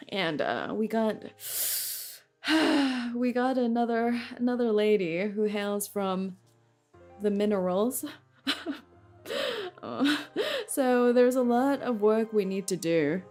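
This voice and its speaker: A woman's voice: a little high, slow, pauses often, a little mellow. A young woman streaming a game, chatting casually and breaking into frequent laughter. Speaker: VTuber streamer. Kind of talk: casual live-stream chat over gameplay. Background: faint game music.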